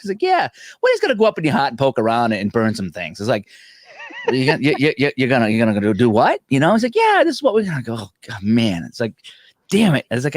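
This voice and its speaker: Animated storytelling man, dry sound. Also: mid-range voice, dry recording. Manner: animated, laughing, acts out other people's lines. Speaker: podcast co-host. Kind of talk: casual storytelling chat.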